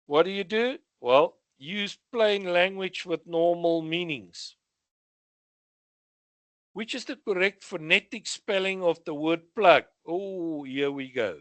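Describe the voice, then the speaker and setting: Speaking slowly in a high voice, a man with a South African accent reviews radio exam material. He reads out every question, answers it, and tosses in short asides along the way. The recording is dry.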